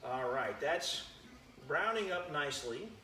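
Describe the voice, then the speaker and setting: Chatty cooking host, bright echoey voice. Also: male voice, fairly high pitch, lively intonation, unhurried, slight background noise. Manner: chatty, greets viewers by name while cooking. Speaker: home cooking show host. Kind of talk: live-streamed cooking demo, chatting with viewers. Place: home kitchen.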